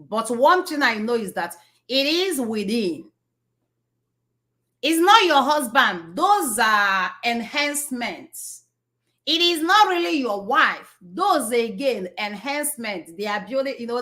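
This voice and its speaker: Woman, motivational speaker, slow delivery, higher voice, repetitive, rhetorical questions. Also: a bit bright. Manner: repeats phrases for emphasis, asks rhetorical questions. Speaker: speaker of an inspirational talk. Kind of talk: slow, preachy motivational talk.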